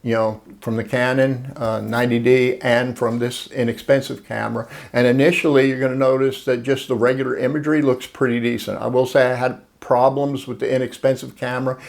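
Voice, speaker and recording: Gravelly-voiced man reviewing cameras. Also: mid-range voice, a little mellow. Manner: plain, unhurried explaining with fillers and restarts. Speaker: photography video host. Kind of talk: casual camera review vlog.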